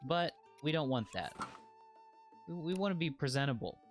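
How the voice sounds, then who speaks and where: A man streaming a video game, chatting in a playful, joking way and breaking into excited squeals. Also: a little high, moderate pace, faint music behind. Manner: puts on a put-on accent by habit. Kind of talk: casual let's-play commentary.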